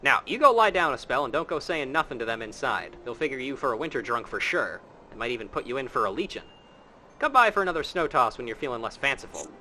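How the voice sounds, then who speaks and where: A man's voice: medium pitch, sing-song, fast talker, sharp tone, a little hiss or hum. A man voicing a folksy village man who talks in a drawling rural dialect. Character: rustic folksy snowball-tossing villager.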